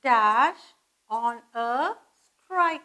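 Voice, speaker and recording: A woman teaching English grammar, slow and patient, repeating phrases and spelling words out letter by letter. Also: fairly high pitch, lively intonation, pushed and bright, low-quality recording. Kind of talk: grammar lesson.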